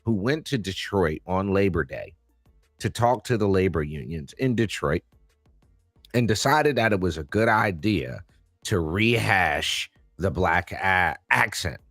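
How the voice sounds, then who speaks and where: A man with a fairly low voice hosts a casual commentary chat, animated and slangy, often sounding incredulous. The recording is dry and close, with faint music underneath. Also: no echo. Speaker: podcast co-host.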